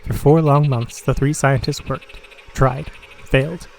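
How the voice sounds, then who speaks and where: A man narrates a horror comic with measured, dramatic pauses. His voice is mellow and dark, at an even middle pitch. Faint swamp ambience sits behind him. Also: gravelly, slight background noise, rough recording. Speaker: audio comic reader.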